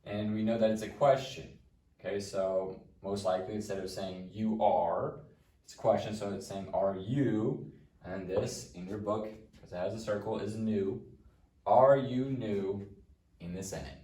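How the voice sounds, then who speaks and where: A man's voice: lowish voice, steady tone, moderate pace, warm tone, recorded from a distance. A man teaching a Latin lesson, walking through translations patiently step by step. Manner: patient, explaining step by step with frequent "okay". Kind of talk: recorded lesson walkthrough. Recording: echoey room, voice off-mic.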